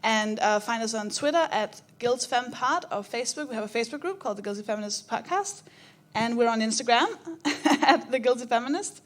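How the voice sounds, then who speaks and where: A woman's voice: a little high, lively intonation, brisk. A woman co-hosting a live comedy podcast, blunt and jokey, often laughing. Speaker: podcast co-host. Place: theatre stage with live audience.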